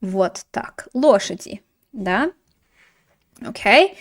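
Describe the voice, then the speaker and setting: A woman teaching a grammar lesson in a lively, chatty way, with playful asides and frequent teacherly check-ins. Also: fairly high pitch, moderate pace. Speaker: Russian language teacher.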